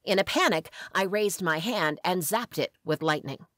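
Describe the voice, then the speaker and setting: A woman reading a first-person fantasy story aloud as an audiobook narrator, with a steady, even delivery. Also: fairly low pitch, normal speed, no echo, clean studio sound.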